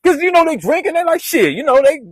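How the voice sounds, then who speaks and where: High-voiced man telling a story. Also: sing-song, quick pace, no room sound. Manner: loose slang-heavy retelling with restarts. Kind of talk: casual storytime monologue.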